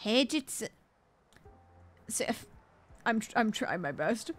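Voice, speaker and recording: A woman's voice: on the high side, sing-song, slow. A woman streamer chatting casually over a game, playful and giggly as she sounds out Japanese words.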